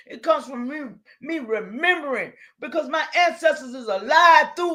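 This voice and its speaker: A middle-aged woman preaches on a livestream in a high voice. She talks straight to her viewers, excitable and insistent. Often she breaks into shouts. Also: moderate pace, hardly any pauses. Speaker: livestream host. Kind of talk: impassioned livestream talk.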